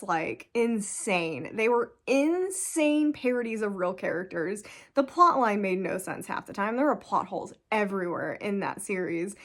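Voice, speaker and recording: A woman's voice: medium pitch, fairly bright tone. A woman in her thirties chatting casually about books, emphatic, laughing often and full of "like". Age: 30s. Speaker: book reviewer. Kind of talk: casual book review vlog.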